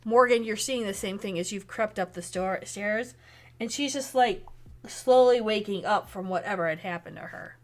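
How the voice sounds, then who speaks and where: A woman's voice: mid-range voice, moderate pace. A woman narrating as game master of an online tabletop game, chatty and loose with fillers. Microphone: headset or desk mic, online stream.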